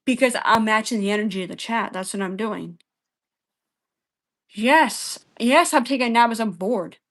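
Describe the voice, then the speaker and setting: Her voice sits a little high and moves at normal speed. As a livestream debater in a heated exchange with chat, she's combative and profane, scolding everyone and repeating herself constantly.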